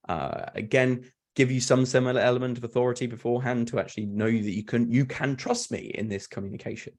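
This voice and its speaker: A man, a fraud prevention speaker, explaining in an earnest, animated way on a video call, often restarting and repeating words. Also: mid-range voice, fast talker, few pauses. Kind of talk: webinar fireside chat.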